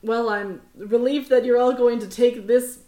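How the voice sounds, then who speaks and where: A dry, sarcastic male gang boss, as a woman puts him on for a tabletop game, dropping his voice low and flat. His worry comes through under the sarcasm. The sound is roomy and echoey. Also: brisk, far from the mic, close to an everyday voice.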